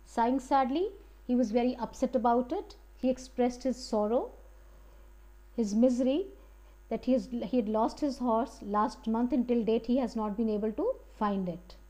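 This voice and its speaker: A woman's voice: on the high side, normal speed, dark tone. A woman teacher reading a story aloud to her students and explaining it line by line in plain words. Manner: reads passages aloud and paraphrases them plainly. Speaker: English teacher.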